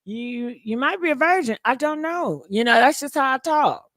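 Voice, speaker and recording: Woman, high voice, brash and teasing, livestream chat, dry close sound. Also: animated, moderate pace, fairly bright tone, dry recording. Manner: brash, teasing, laughs often. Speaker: livestream host reading chat.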